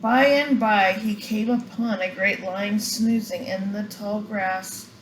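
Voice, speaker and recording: An older woman reads a children's storybook aloud at a slow, unhurried pace. Her delivery is gentle and expressive, in a mid-range voice. The room around her is echoey, with faint ambient noise behind. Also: mid-range voice. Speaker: grandmother reading aloud. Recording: roomy echo, faint ambience.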